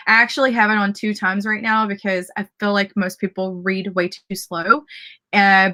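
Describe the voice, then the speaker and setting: A woman's voice: mid-range voice, pushed and bright. A woman with a Southern US accent hosting a casual live stream, reading out viewer comments and cheering them on. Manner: bubbly and upbeat, cheering viewers on.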